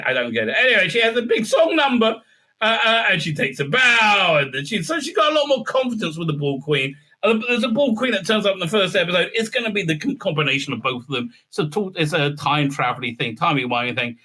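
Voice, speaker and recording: High, sharp-toned male reviewer, halting and exasperated. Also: animated. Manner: hesitant, heavy filler sounds, exasperated outbursts. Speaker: TV episode reviewer. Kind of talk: rambling recap and review.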